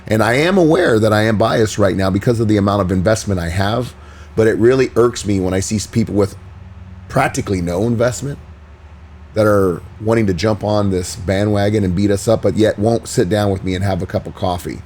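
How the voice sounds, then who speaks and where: A man's voice: lowish voice, brisk, darkish tone, a little hiss or hum. A man co-hosting a podcast, speaking bluntly and with frustration, with many hesitant ums. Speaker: podcast co-host. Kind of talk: casual opinionated chat.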